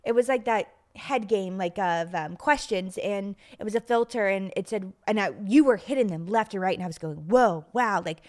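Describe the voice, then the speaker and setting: A woman's voice: mid-range voice, a little fast, hardly any pauses, a little mellow. A chatty woman co-hosts a casual podcast. She laughs easily and pokes fun at herself, and her nose sounds a little stuffy. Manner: giggly, self-deprecating, chatty. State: pregnant, runny nose. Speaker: podcast co-host. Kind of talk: casual chat.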